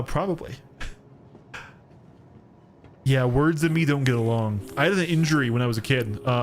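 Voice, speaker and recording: A throaty, thick-voiced American man chats through a game stream into a studio mic. His words slur a little and he restarts sentences often, poking fun at himself. Faint music plays underneath, and his pitch sits in a middle range. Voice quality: throaty, thick, slightly slurred. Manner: rambling, self-deprecating, frequent restarts. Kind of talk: casual chat while gaming. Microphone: studio microphone.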